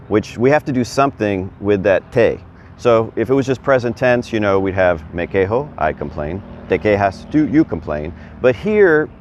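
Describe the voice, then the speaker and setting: Filmed outside on a camera mounted on a stand, a Spanish teacher with a fairly low-pitched voice gives a relaxed, talkative lesson. He quizzes viewers and cheers them on, with slight background noise audible.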